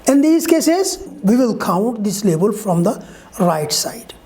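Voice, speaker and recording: A woman's voice: on the high side, big pitch swings, takes it slowly, dark tone. A woman teaching a pronunciation lesson, explaining rules step by step, spelling out letters and checking with "Okay?". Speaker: English teacher. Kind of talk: online grammar lesson.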